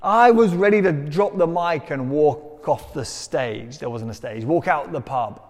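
A man's voice: fairly high pitch, unhurried. Man preaching in a reverberant hall. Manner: conversational, self-deprecating storytelling. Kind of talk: sermon.

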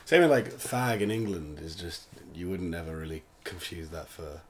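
A man in a casual chat, answering with dry, low-key quips. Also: lively intonation, normal speed.

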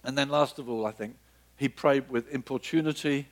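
A man preaching a sermon, acting out biblical dialogue with sudden leaps in pitch and dropping to a soft, low murmur for emphasis. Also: moderate pace.

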